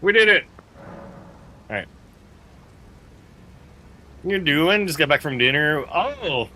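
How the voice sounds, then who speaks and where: Young streamer man with a stuffy nose, a bright and lively voice, and joking, loud game reactions. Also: fairly high pitch, slow. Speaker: livestreamer. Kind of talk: casual live gameplay commentary.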